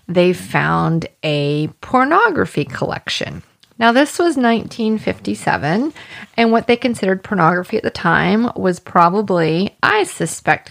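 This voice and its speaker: Female podcast host, low and gravelly, plain conversational true-crime explainer.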